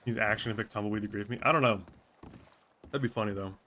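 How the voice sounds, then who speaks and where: A man's voice: fairly low pitch, very fast, bright, forceful tone, a little hiss or hum. A man streaming a role-play game, chatting casually with viewers, thinking aloud and swearing freely. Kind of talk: casual out-of-character chat with viewers.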